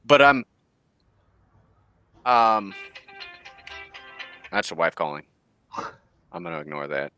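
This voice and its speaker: Animated man telling a hunting story. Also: low voice, slow pace, long pauses, soft background music. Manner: animated, laughing storyteller who acts out quotes. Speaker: bowhunter guest. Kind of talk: casual storytelling chat.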